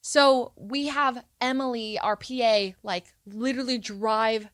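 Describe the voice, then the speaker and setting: Bright, animated young woman guest. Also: a little high, measured pace, no room sound. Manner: animated, acts out quotes with loud yelps. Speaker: podcast guest. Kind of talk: casual storytelling.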